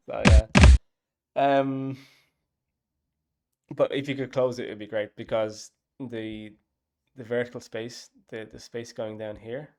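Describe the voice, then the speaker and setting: A man's voice: medium pitch, little pitch movement, takes it slowly, long pauses, mellow, soft background music. A man, casually talking through his app's design and thinking aloud with lots of fillers. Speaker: app developer. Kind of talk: casual dev log talk.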